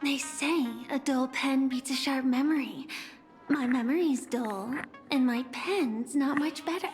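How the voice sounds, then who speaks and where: A woman's voice: sits high, measured pace, darkish tone, soft background music. An actress playing an earnest, bookish young woman in a game, talking in a gushing way about learning. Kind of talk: game voice acting.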